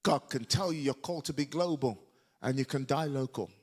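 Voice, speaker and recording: A man preaching a lively sermon to a church congregation, shouting and leading call-and-response. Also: medium pitch, brisk.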